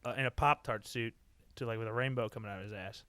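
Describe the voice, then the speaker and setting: A man co-hosting a podcast in casual chat, dry and quick to shoot down ideas, with a laugh. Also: mid-range voice, fairly even intonation, sharp tone, clear, resonant tone, no echo. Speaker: podcast co-host.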